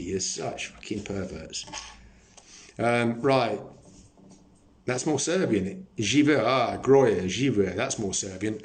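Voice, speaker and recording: A man hosting a live stream, chatting casually, joking and swearing as he answers viewer comments. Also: lowish voice.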